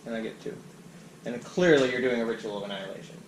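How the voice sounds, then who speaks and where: A man's voice: medium pitch, quick pace. A man in his forties chatting and joking through a board game, laughing through his stories. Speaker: game player. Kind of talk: casual chat over a board game. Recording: echoey room with hiss.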